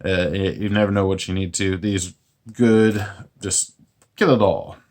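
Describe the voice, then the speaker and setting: A man hosting his own channel, walking through a card game deck in a relaxed, plain-spoken way with self-mocking jokes. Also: low-pitched, measured pace. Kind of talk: casual deck walkthrough.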